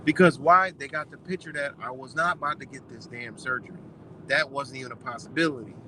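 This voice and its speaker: A young man casually telling a story, quoting others in quick exchanges and swearing freely, recorded on a phone outdoors. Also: mid-range voice, pushed and bright, slight background noise, low-quality recording. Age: young adult. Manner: retells doctors' talk in quick quoted exchanges, swears freely. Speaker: vlogger.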